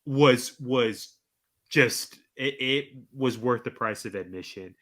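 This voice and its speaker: A man's voice: medium pitch, slow, fairly bright tone. A man co-hosting a podcast, chatting casually and making his points with emphatic admiration. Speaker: podcast co-host.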